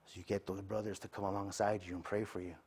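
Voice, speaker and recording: A man with a somewhat low voice delivers a casual, conversational sermon. He keeps tagging his points with a quick "right?" and now and then slips into acting out everyday conversations. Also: flat delivery, darkish tone, breathy edge. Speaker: preacher.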